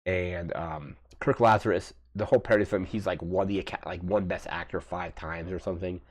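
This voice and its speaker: A man with a notably deep, low voice recaps a movie in a loose, rambling way. He keeps circling back with filler words and restarts as he retells the plot. He sounds like a casual channel host talking straight to his viewers. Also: steady tone, a little fast.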